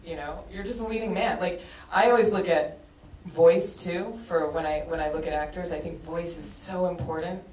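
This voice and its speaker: A woman's voice: on the low side, fairly even intonation, moderate pace, a little mellow. A woman filmmaker speaking on a panel in a casual, chatty way, laughing often and filling her talk with fillers. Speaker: film director on a panel. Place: auditorium at a screening event. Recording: echoey hall from far off, faint noise.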